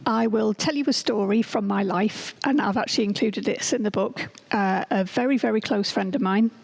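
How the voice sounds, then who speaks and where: A woman's voice: mid-range voice, moderate pace, vocal fry, rough recording. A middle-aged woman, a school principal being interviewed, telling anecdotes in an earnest way. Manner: earnest, acts out quoted dialogue. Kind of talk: podcast interview, anecdotal storytelling.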